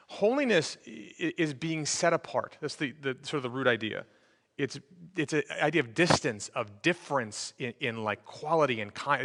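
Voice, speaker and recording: Bright-voiced man preaching in reverberant hall. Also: medium pitch. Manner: conversational, frequent fillers and restarts. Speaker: pastor. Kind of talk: sermon. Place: church sanctuary.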